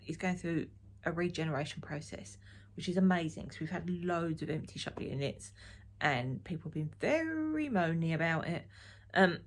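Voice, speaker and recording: A middle-aged woman from Essex, chatting frankly and ramblingly to camera as a knitting vlogger. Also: fairly low pitch. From Essex, England. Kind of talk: casual chat to camera.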